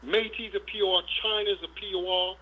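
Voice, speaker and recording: A man's voice: high voice, steady tone, a little fast. A middle-aged man, a dog breeder guest, telling long rambling stories in an interview, swearing freely and often saying "you know what I'm saying". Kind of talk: casual storytelling interview. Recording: dull lo-fi sound.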